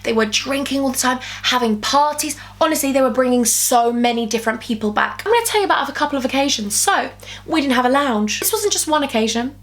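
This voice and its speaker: A young woman with a high voice tells a storytime vlog from her bedroom. She talks in an animated, gossipy way and jumps into sudden squeals when she quotes people. Her throat is a little sore. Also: fast talker. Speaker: vlogger.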